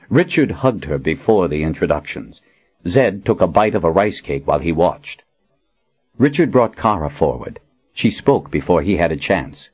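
A man narrating a fantasy novel in an expressive storytelling manner. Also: sits low, normal speed, breathy edge, dull audio. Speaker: audiobook narrator.

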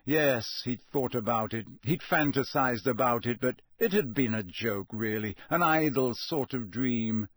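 A man reading an audiobook in a measured, steady storytelling voice. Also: medium pitch, dry recording. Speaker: narrator. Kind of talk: audiobook narration.

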